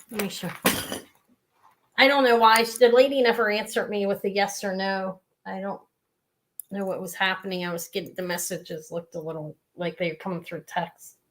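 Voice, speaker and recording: A woman's voice: mid-range voice, a bit bright. A woman hosting a live jewelry sale, chatting casually and rambling off into side stories as she shows each piece. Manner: chatty, rambling, with frequent asides. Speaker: host selling jewelry live. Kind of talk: live sales stream chat.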